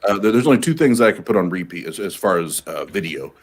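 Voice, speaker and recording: A man's voice: low-pitched, sing-song, quick pace, slightly rough. A man in a casual podcast chat who stammers and repeats himself as he talks.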